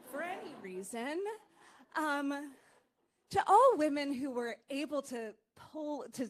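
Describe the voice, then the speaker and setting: A woman from Salem reading her poetry live at an arts center, talking haltingly with many fillers and sounding emotional and dry-mouthed. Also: a little high. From Salem, Massachusetts. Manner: halting, full of fillers and nervous asides. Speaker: poet. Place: arts center event stage before an audience.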